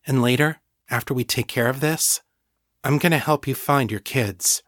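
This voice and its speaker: Man voicing a gentle supportive young woman, soft delivery, lifted pitch, dry close sound. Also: normal speed, no room sound, close to an everyday voice. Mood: tender.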